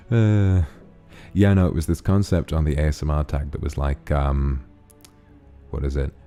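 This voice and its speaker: Very deep-voiced male streamer. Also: measured pace, faint music behind. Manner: relaxed, rambling, thanks donors. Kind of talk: casual stream chat reading donations.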